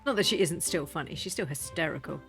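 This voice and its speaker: Chatty British mum, low voice. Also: female voice, expressive, a bit bright. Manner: rambling, chatty, quick to laugh. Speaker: gaming vlogger. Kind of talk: casual chat over gameplay. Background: faint game music.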